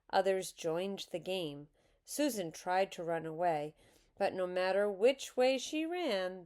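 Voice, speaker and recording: A woman reading a children's book aloud in an expressive, unhurried way. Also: lowish voice. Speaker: reader.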